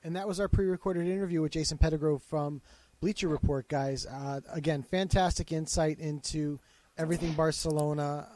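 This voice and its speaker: Male host, slightly higher voice, friendly, steers the show along. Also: fairly even intonation, fairly quick, dark tone. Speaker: podcast host. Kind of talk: casual chat.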